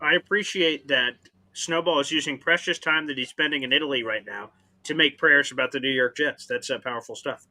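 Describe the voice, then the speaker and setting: Laid-back co-host with a sharp, bright voice. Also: male voice, medium pitch, fairly quick, no room sound. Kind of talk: casual sports talk show.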